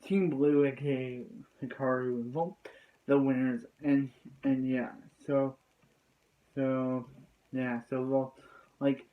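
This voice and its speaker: A man's voice: mid-range voice, level tone, slow, pauses often, phone-quality sound. A man giving a casual, rambling recap of an anime episode, leaning on filler words like "so yeah.".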